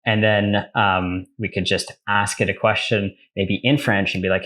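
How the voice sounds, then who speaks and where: A young man hosting a casual screen-share tutorial, chatty and self-correcting, reading his typed prompts aloud slowly. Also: lowish voice, little pitch movement, a bit bright. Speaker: tech tutorial host.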